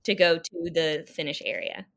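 A woman guest runner telling her story in a casual, animated and emotional way, speaking over a video call. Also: low voice, normal speed, creaky.

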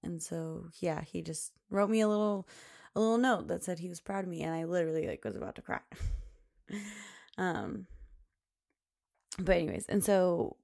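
Chatty gravelly-voiced woman podcaster. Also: fairly low pitch, moderate pace, pauses often, a little mellow. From Pacific Northwest US. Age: 20s. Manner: chatty, rambling, lots of "like" fillers. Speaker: podcast host. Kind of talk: casual solo podcast chat.

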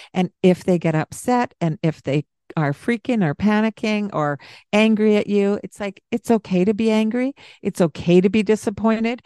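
A woman co-hosting a parenting podcast, talking in a calm, gentle way and explaining with examples. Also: medium pitch, dry recording, clean studio sound. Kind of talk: casual podcast advice.

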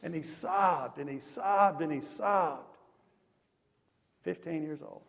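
A man preaching a sermon, telling stories in a lively, conversational way. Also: fairly high pitch, slow pace, vocal fry, pauses often. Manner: animated, conversational storytelling with lively swings in loudness. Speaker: pastor. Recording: long echo of a large hall.

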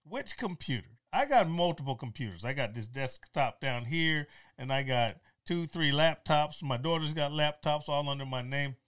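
A man's voice: on the high side, moderate pace, few pauses. A middle-aged man casually telling a story, blunt and joking, acting out both sides of phone calls. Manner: animated, street-wise, acts out both sides of calls.

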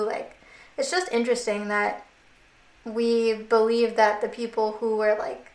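Young woman, casual chat, chatty filler-heavy talk, highish pitch, echoey room. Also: flat delivery, unhurried.

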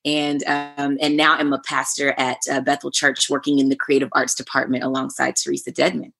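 A woman from Oklahoma, a church arts pastor, telling her story as a guest in a relaxed way. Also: extremely low pitch, a little fast, creaky. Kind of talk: casual interview.

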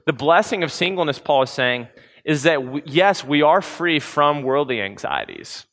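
A young man delivers a sermon in an easygoing, conversational manner, dropping in fillers and everyday slang. His voice is fairly high for a man and bright, with a forceful edge. The sound carries the long reverb of a large hall. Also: sing-song, moderate pace. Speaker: preacher.

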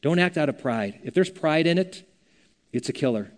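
A man's voice: on the high side, expressive, moderate pace. An older man preaching a sermon as a pastor, earnest and conversational, telling stories as he teaches. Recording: long reverb of a church hall.

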